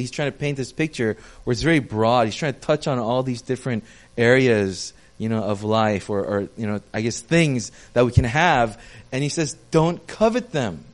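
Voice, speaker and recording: A young male pastor giving a casual, chatty sermon, joking with his congregation and poking fun at himself. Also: medium pitch. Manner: chatty, self-deprecating, talks with the audience.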